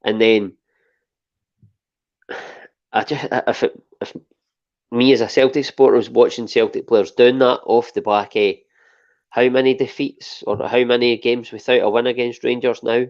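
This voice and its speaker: A man with a Scottish accent co-hosting a casual football podcast, speaking in a measured way with the odd sigh. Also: medium pitch, steady tone, a little mellow, dull audio. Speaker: podcast co-host.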